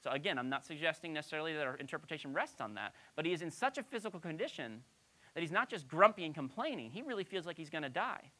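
A woman's voice: low voice, expressive, quick pace, bright, forceful tone. A woman pastor giving a conversational Bible-teaching sermon, asking her listeners rhetorical questions.

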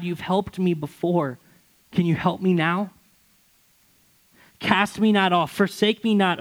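A young male pastor delivers a sermon in a voice that sits a little high. He reads scripture passages aloud, then explains them in an easy, conversational way, sometimes restarting a phrase. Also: low-quality recording.

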